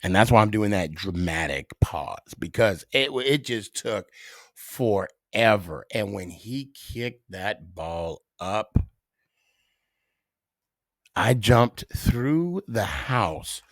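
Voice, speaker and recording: A middle-aged man hosting a casual solo podcast, telling stories with dramatic pauses. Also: on the low side, no room sound, studio quality. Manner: animated storyteller with dramatic pauses. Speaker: podcast host.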